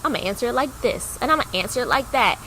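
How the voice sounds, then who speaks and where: A young woman co-hosts a podcast, chatting through a personal story in a loose, filler-heavy way. She acts out each quoted voice with sudden leaps in pitch. Her voice sits a bit high, with a sharp, bright edge. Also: rapid-fire, a little hiss or hum, low-quality recording. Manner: animated, acts out quoted dialogue with big pitch jumps. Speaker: podcast co-host.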